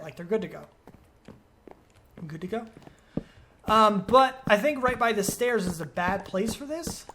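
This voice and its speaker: A man's voice: high-pitched, a bit bright, a little hiss or hum. A man giving let's play commentary as a gaming video creator, rambling and thinking aloud as he questions himself.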